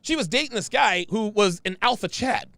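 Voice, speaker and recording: Brash, animated man with a gravelly voice. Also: high-pitched, moderate pace, dry recording. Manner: brash, emphatic, repeats phrases. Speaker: show host reading viewer comments. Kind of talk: casual livestream commentary.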